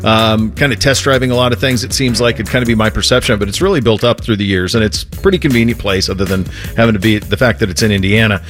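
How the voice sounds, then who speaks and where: A man's voice: fairly low pitch, fast talker, few pauses, a bit bright, soft background music. A middle-aged man hosting a sports talk radio show, telling a story in a chatty way full of fillers. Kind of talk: casual radio chat.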